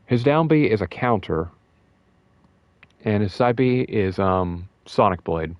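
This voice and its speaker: A young man talking in a casual, rambling way about a fighting game, emotional and excited, with many fillers and restarts. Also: on the low side, slow pace, no room sound, dull audio. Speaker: gaming video host.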